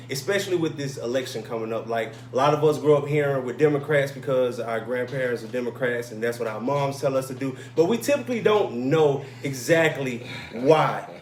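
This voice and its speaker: A man hosting a casual talk show, relaxed and easygoing, often tagging "man" onto his sentences. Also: medium pitch. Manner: relaxed, drawn-out filler "man". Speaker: host. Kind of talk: casual chat. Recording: echoey room, faint noise.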